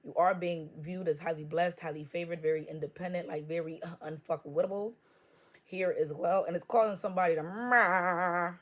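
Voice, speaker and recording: A woman's voice: fairly low pitch, steady tone, moderate pace. A woman giving a casual tarot reading, blunt and profane with joking trash talk. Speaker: tarot reader.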